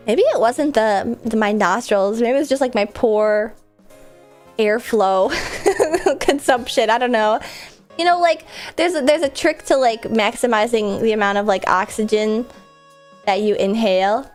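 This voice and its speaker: Stuffy-nosed girl streamer chatting w chat, kinda high voice, giggly, soft music behind. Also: measured pace. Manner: chatty and giggly, with lots of likes and restarts. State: stuffed up from a cold. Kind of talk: casual chat reading out viewer messages.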